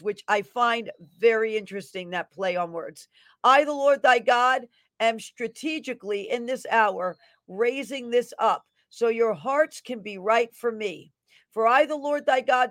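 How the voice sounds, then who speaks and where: A woman minister delivering a prophetic word in a declamatory preaching style. Her voice swells on the divine declarations and drops low for her asides, and she reads scripture with an emphatic cadence. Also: dry recording.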